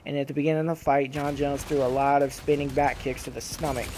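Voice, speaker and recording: A young man giving casual, profane reaction commentary on fights, animated and trash-talking. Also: mid-range voice, quick pace, background noise. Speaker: gaming channel host.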